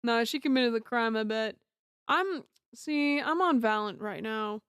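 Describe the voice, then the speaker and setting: A woman's voice: a little high, animated, a little slow, fairly bright tone, clear, resonant tone, no room sound, clean studio sound. A woman chatting casually and giggling as she plays through a game. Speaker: gamer playing through and reading aloud. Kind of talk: casual let's-play chat.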